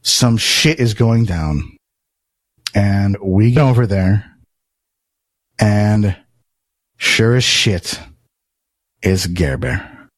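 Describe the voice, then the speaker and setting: A man's voice: lowish voice, extremely slow, long pauses, no room sound. Profane storytelling man, dry close mic. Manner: animated, acts out quotes, swears often. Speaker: podcast storyteller.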